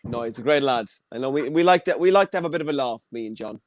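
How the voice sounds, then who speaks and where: A man's voice: medium pitch, animated, fast. A man hosting an online comedy show over a video call, blunt and teasing with the comedians.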